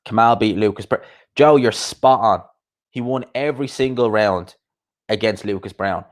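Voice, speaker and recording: Low-voiced man chatting casually. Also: normal speed. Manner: rambling and conversational, reads out and answers viewer comments. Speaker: host of a live boxing chat show. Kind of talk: casual live-stream chat.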